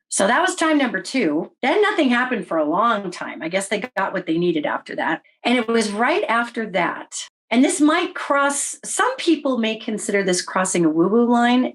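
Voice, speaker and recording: A middle-aged woman tells a long personal story in an interview, sounding wry and animated. Her voice sits in an ordinary middle pitch for a woman. She often acts out her own past remarks as she goes. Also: moderate pace, hardly any pauses. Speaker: interview guest recounting experiences.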